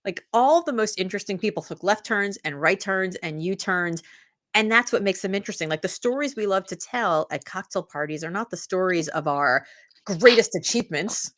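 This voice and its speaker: A woman's voice: mid-range voice, normal speed. A middle-aged woman, an author guest in a casual interview, telling stories and acting out the lines of other people. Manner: animated storytelling, acts out quotes.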